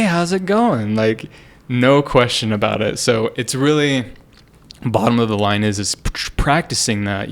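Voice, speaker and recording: A man's voice: lowish voice, fairly bright tone. A young man sharing a personal story on a casual podcast, earnest and rambling with many fillers and restarts. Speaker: podcast co-host.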